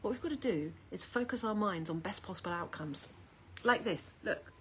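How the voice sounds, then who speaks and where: A middle-aged woman chats at length to her camera from home. Her talk is rambling and lively, drifting from topic to topic at an everyday pitch. A faint hum of background noise sits under the recording. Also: moderate pace. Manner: chatty, rambling, animated. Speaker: vlogger. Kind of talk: casual chat to camera.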